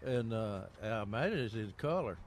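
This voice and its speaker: A man's voice: fairly low pitch, expressive, moderate pace. An older man co-hosting a gardening radio show, telling rambling stories with lots of fillers and chuckles. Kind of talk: casual radio chat.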